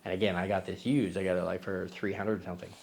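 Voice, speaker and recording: A man's voice: sits low, level tone, fast, gravelly, a little mellow, slight background noise. A man hosting a photography vlog, talking casually to camera in a rambling, self-deprecating way with many fillers and restarts.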